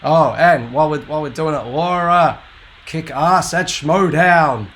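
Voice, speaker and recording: A man's voice: fairly high pitch, measured pace, fairly bright tone. A man hosting a casual live-stream podcast, joking and swearing freely. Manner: joking, profane, laughs often. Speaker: podcast host.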